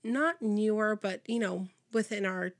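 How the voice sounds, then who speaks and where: A woman co-hosting a true crime podcast at an ordinary pitch. She talks in a loose, chatty way, laughing often and leaning on fillers like um and like. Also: measured pace. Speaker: podcast host.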